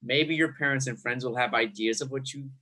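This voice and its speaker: A young man at a middle pitch hosts a podcast in relaxed conversation. He agrees readily and fills his speech with "like". His tone stays friendly and unhurried. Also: husky. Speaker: podcast host. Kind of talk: casual chat.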